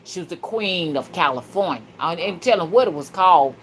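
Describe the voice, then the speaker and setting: A woman hosting a spiritual livestream, talking fervently and casually to her viewers, with sudden loud shouts. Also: fairly low pitch, animated, brisk, a crowd in the background. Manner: casual and slangy, calls listeners "y'all" and "honey". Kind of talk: livestream talk reading viewer comments.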